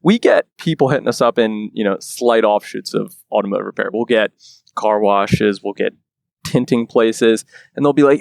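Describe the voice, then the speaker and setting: A man's voice: mid-range voice, lively intonation, fairly quick, creaky, no room sound. A man who is a guest on a podcast, explaining his business in earnest casual chat. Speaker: guest, startup co-founder.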